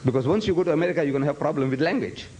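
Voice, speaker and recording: A man's voice: on the high side, very fast, darkish tone, slight background noise, rough recording. Emphatic male lecturer, repeating his points. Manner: emphatic, repeats phrases for effect; breaks into Arabic recitation. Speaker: Islamic lecturer. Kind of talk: public lecture to students.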